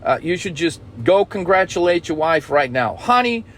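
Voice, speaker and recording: A male trading coach gives a blunt, swearing motivational talk. He sits a bit higher in pitch than most men. He keeps checking in with "okay?" and hammers the same point until it sticks. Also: normal speed. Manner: profane, blunt, repeats "okay?".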